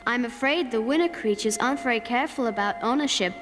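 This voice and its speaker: A calm, knowing female winter creature with a high voice, played by a woman. She explains things in a matter-of-fact way. Her voice rings with a long reverb, and cartoon music plays clearly behind. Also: fast talker, natural voice. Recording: reverberant dub with music score.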